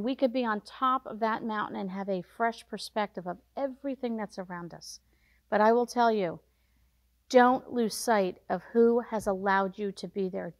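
On a devotional podcast, a woman speaks earnestly, pressing listeners with short commands she repeats again and again. Her voice is medium-pitched, and there's no room sound in the recording.

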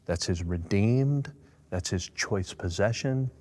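A man's voice: on the low side, expressive, takes it slowly, darkish tone. A man answering in a preaching style, emphatic and fervent, rising on key words. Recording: long echo.

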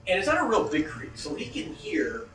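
A man's voice: very high voice, very animated, moderate pace, background noise. A man telling a story in a casual, profane way, acting out scared reactions as he goes. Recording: echoey room heard from a distance.

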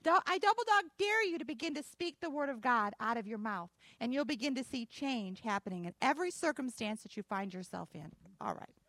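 A woman's voice: a little high, sing-song, brisk, hardly any pauses, pushed and bright, no echo. A woman pastor preaching a sermon, telling a personal story in a folksy way and building to emphatic declarations.

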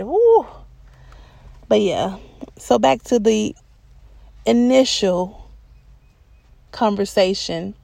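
A woman's voice: medium pitch, creaky, a little mellow, dry recording. A woman hosting a podcast, chatting casually to her listeners and acting out her own replies. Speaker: podcast host.

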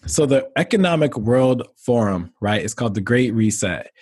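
Husky man ranting casually. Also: mid-range voice, expressive, normal speed, darkish tone. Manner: profane, rambling, conspiratorial. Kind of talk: casual chat.

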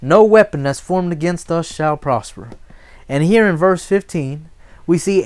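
A man's voice: fairly high pitch, lively intonation, measured pace, darkish tone. A man preaching a sermon, emphatic and asking the congregation call-and-response questions. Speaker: pastor.

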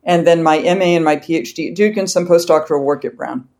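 A woman's voice: sits low, fast, vocal fry, a little mellow. An older woman from Massachusetts, a guest scholar on a podcast interview, speaking in a precise, dry and witty way. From southeastern Massachusetts.

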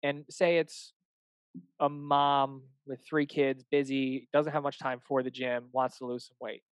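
A man's voice: mid-range voice, flat delivery, measured pace, smooth, dry recording, poor audio. A young adult man, a fitness coach, chatting casually and animatedly, acting out little dialogues with clients and swearing now and then. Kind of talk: casual podcast chat.

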